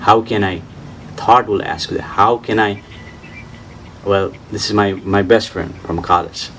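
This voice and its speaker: A man giving an informal spiritual talk and answering questions, repeating his points insistently in slightly broken English and laughing softly. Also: on the low side, steady tone, measured pace, distant mic, slight background noise, low-quality recording. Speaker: spiritual teacher.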